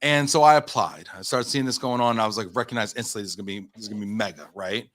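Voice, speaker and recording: A man in his thirties from the United States, telling a story as a podcast guest, animated and full of fillers, acting out his own quotes. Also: on the low side, very fast. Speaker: podcast guest, company founder. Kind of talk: casual storytelling in an interview.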